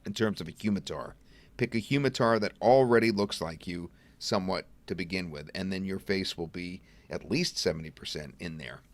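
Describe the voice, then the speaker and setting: A middle-aged man presenting a software demo in a casual webinar, chatting and thinking aloud as he clicks through at a computer. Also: sits low, normal speed, no room sound. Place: at a computer desk.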